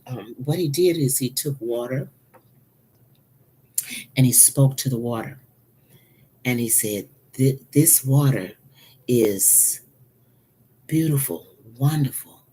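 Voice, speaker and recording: A woman's voice: rumbling low, mellow, slight background noise. A woman preaching a sermon, earnest and repeating key phrases for emphasis. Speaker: pastor.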